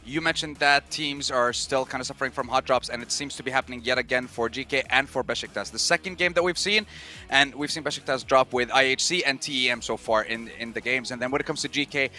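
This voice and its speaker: A man giving measured esports analysis at a desk. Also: mid-range voice, sharp tone.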